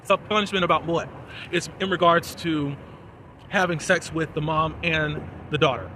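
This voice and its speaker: A man giving a chatty, animated recap and commentary on a TV episode, full of fillers, recorded outdoors in a city. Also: a little high, moderate pace, slight background noise. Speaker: TV episode reviewer.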